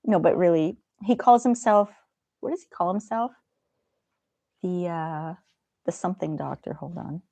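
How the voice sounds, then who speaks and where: A middle-aged woman talks casually on a live stream, chatting gently with viewers and laughing easily. Her voice sits a little low. It is close and dry, with no room sound. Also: unhurried, long pauses, no echo. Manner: gentle, chatty, laughs often, soft asides. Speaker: live stream host reading chat.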